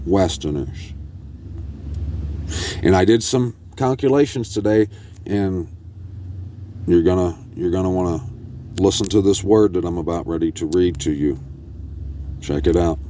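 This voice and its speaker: Deep slow guy reading news stories out loud, keeps restarting, mellow tone. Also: a little hiss or hum. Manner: halting, restarts often, reads articles aloud. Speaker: religious video host. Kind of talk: casual scripture commentary.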